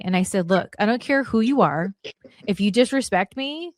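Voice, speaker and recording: A woman's voice: medium pitch, expressive, moderate pace, darkish tone, dry recording, clean studio sound. A woman in her forties, a guest on a podcast, telling stories bluntly and acting out the lines she quotes. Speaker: podcast guest, former wrestler. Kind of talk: casual storytelling chat.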